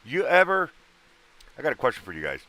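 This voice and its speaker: Still hoarse from a previous show, a man hosts a casual livestream, calling out viewers by name and cracking jokes. His medium-pitched voice swings hugely up and down, moving briskly with a bright, forceful tone.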